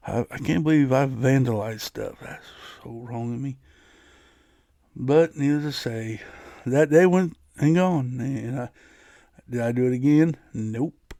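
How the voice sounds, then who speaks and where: A man's voice: mid-range voice, a little slow, dark tone, dry recording, clean studio sound. A man hosting his own podcast, telling a personal story in a casual, rambling way, often restarting his sentences. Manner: rambling, frequent restarts and laughs. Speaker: podcast host.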